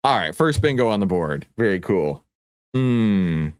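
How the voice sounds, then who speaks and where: A man with a Texan accent hosting a livestream, playful and teasing, often jumping to excited shouts. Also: on the low side, a little slow. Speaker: livestream host. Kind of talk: animated livestream presentation.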